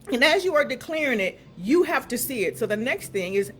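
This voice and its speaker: Woman host, motivational affirmation talk, emphatic slow repetitions, faint background hum. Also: on the high side, sing-song. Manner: emphatic, repeats phrases slowly for emphasis.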